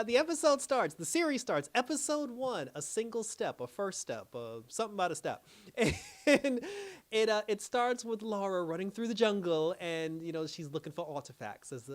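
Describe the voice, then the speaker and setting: A young man giving a casual, animated review on his own channel, laughing often and restarting his sentences. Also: a little high. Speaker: YouTube reviewer.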